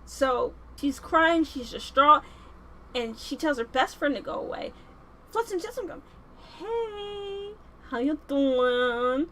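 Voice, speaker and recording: A woman vlogger giving casual, animated, slangy film commentary. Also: high-pitched, measured pace, rough recording.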